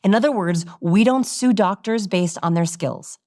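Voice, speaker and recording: A woman's voice: mid-range voice, normal speed, no echo, studio quality. A woman communication researcher being interviewed, explaining vocal habits with energy and demonstrations. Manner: animated, demonstrating vocal examples.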